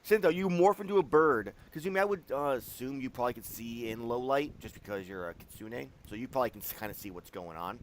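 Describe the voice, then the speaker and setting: A man narrating as game master of a tabletop game, loose and chatty, acting out quick quotes as he describes the scene. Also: medium pitch, a little hiss or hum. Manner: animated, loose, full of "like" and acted-out quotes.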